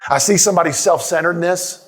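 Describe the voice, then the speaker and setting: A man's voice: high voice, fast. A male pastor preaching a sermon in a church, emphatic, repeating key lines and asking rhetorical questions. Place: church sanctuary.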